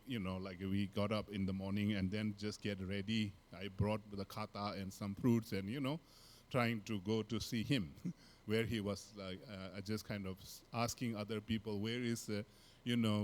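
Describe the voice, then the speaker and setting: A man with a Tibetan accent, a Buddhist teacher, telling a personal story in a relaxed, halting way with many fillers and soft laughs. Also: fairly low pitch.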